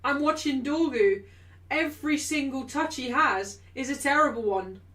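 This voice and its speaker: A woman's voice: high-pitched, moderate pace. A young woman hosting a live football watchalong, ranting in exasperation at her team. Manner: shouting in frustration. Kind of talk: live match watchalong commentary.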